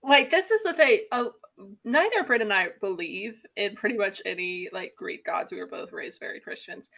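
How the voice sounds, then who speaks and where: Young woman, bright forceful voice, blunt, profane, casual book chat. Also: medium pitch, expressive, moderate pace, gravelly. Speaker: podcast co-host.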